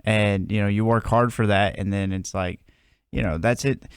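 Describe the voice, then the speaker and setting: A man who is a golf instructor, talking as a guest in a halting, casual way with many fillers. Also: fairly low pitch, steady tone, smooth, no room sound, studio quality. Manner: halting, lots of filler phrases. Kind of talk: casual business chat.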